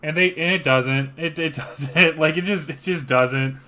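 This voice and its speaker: A man's voice: fairly high pitch, measured pace. A young man chatting casually and swearing freely as he eagerly retells a game's story. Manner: excitable, profane storytelling. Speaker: streamer. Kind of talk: casual gaming chat.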